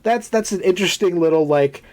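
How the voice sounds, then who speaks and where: A man co-hosting a casual podcast, recapping a film in an animated, profane way and acting out the characters' lines. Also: high-pitched, brisk. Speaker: podcast co-host.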